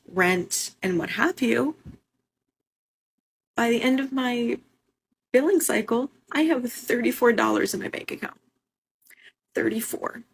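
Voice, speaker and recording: A woman of twenty-one speaking frankly and wearily to the camera, dropping into soft asides. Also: fairly high pitch, a little hiss or hum, rough recording. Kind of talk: casual monologue to camera.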